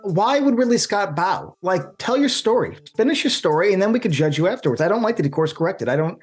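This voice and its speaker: Animated man complaining in casual debate. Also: sits high, quick pace, husky, soft background music. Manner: animated, complaining, acts out voices mid-sentence. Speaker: co-host debating a film.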